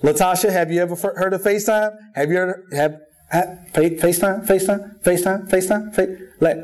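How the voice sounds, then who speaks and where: A man's voice: sits high, brisk. A man preaching a sermon in a church, telling jokes and stories with lots of repetition. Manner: lively storytelling with jokes and repetition. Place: church sanctuary.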